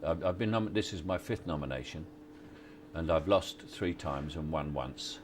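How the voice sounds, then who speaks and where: A man, giving relaxed, halting interview answers on location at a film set, with many restarts and wry chuckles. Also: very deep voice, a little hiss or hum. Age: 60s. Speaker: actor interviewee.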